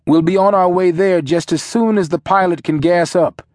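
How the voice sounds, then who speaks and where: A man voicing an older father and company head, answering the phone calmly and professionally, in an audiobook. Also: high voice, moderate pace, dry recording, studio quality, close to an everyday voice. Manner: calm, professional, reassuring. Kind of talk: audiobook character voice.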